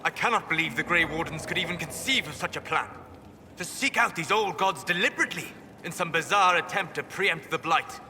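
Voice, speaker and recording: An actor playing a wise, melancholy male elven mage in a video game, calm and measured like a lecturer. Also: on the high side, in a large hall, a little hiss or hum.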